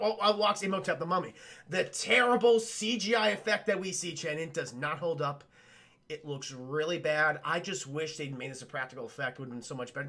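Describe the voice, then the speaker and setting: A man recaps a film live for his stream chat, animated and full of profanity. His voice sits high with a gravelly edge, and his tone is bright and forceful. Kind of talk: casual film recap livestream.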